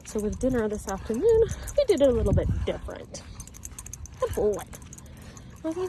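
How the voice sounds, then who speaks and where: A woman dog trainer outdoors, explaining her method while walking a dog and calling out sharp commands. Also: high voice, very animated, normal speed, long pauses, a little hiss or hum. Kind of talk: instructional talk during dog training.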